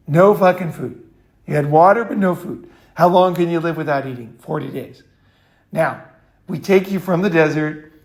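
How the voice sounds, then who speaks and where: A middle-aged man lectures in a blunt, crude monologue, swearing freely and stressing every point. His voice is gravelly with a fry in it and sits a little higher than most men's. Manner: crude, emphatic, profane, lecturing. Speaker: online commentator.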